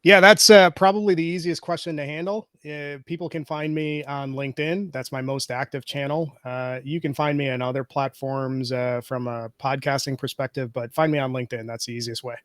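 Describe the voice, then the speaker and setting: A man in the guest seat lays out his points in a measured, explanatory way, building his case step by step from data. His voice sits in a middle pitch. The sound is dry and close, with no room around it. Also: steady tone, fairly bright tone, no room sound. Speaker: guest, podcaster. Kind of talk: interview answers.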